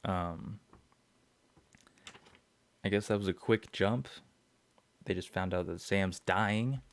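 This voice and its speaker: A man's voice: low-pitched, takes it slowly. A young man hosting a podcast, rambling through an episode recap with lots of fillers, swearing and chuckles. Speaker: podcast host.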